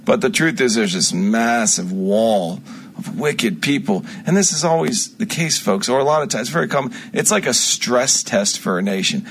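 A man speaking as a self-styled prophet in an unscripted radio monologue, rambling, with frequent restarts and sudden swings from loud to quiet. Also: medium pitch, lively intonation, normal speed, breathy edge.

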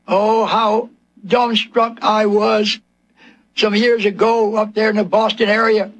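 A man's voice: very high voice, fairly bright tone. A man preaching a sermon, asking his listeners question after question and acting out the voices from scripture.

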